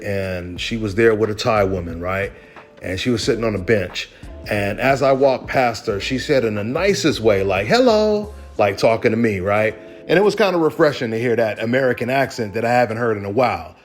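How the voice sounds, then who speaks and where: A man casually telling viewers a personal story in a chatty, conversational way. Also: lowish voice. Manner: chatty, conversational, says "right?" often. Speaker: channel host.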